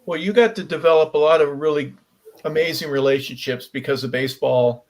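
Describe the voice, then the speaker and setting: A man's voice: on the high side, brisk. A man hosting sports talk radio, asking long questions with many fillers. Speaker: radio host.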